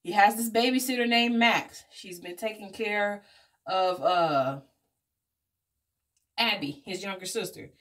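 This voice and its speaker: A woman vlogger casually recapping a movie plot in an animated, slangy way. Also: mid-range voice, a little slow, long pauses. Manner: animated storytelling, slangy asides, acts out characters' lines. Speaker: beauty vlogger reviewing a movie.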